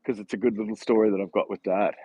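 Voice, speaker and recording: A man walks outdoors during a livestream vlog shot on a handheld phone, chatting and rambling and laughing as he tells stories. His voice is lowish, warm, rapid-fire and fairly even, with a breathy edge, on a rough recording with no echo.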